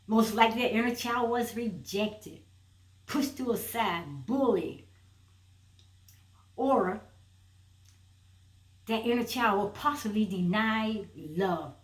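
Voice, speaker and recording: A woman's voice: mid-range voice, lively intonation, slow, pauses often, roomy sound, recorded from a distance. A woman giving a motivational self-help video message, emphatic and repeating her phrases for force.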